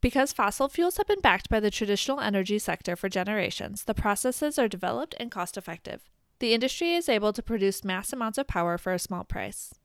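A woman hosting an informational podcast, reading a script in an even, measured way. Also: mid-range voice, no echo, studio quality. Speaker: podcast host.

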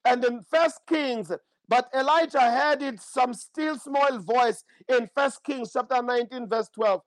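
High-voiced fervent preacher. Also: male voice, no room sound, low-quality recording. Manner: fervent, repeats praise phrases. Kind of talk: prophetic sermon and prayer.

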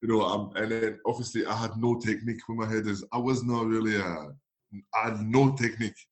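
French-accented man telling lively stories. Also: lowish voice, a little fast. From France. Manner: animated anecdotes, acts out quotes, laughs often. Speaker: guest, former footballer. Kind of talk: casual storytelling interview.

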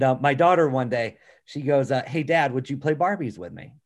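A middle-aged man giving a motivational talk on a call, earnest and storytelling, often checking in with "okay" and "right?". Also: mid-range voice. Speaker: business speaker on a call.

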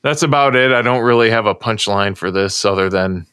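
A man's voice: fairly low pitch, a little fast, bright, forceful tone, clean tone, dry recording, studio quality. A man from the United States, co-hosting a casual podcast chat, telling a long story with many restarts. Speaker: co-host.

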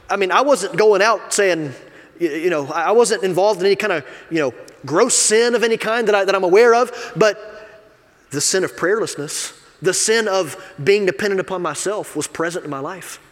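Male assistant pastor, confessional sermon delivery, slightly raised pitch, echoing sanctuary sound. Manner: confessional, conversational, swings from quiet asides to loud emphasis. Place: church sanctuary. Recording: long reverb of a church hall.

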